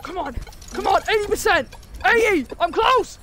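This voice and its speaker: A woman voicing a hot-tempered cartoon animal who yells and rages at losing, in a fan role-play over gameplay. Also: very high voice, lively intonation, over music. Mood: frantic. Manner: yelling, quick to rage at losing.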